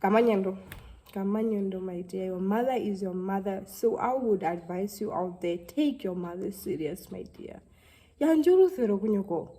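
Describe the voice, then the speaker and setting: A young woman, talking to camera in a halting, heartfelt way and close to tears. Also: mid-range voice, mellow, poor audio. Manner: halting, heartfelt, with many restarts. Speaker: vlogger. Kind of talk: casual talk to camera.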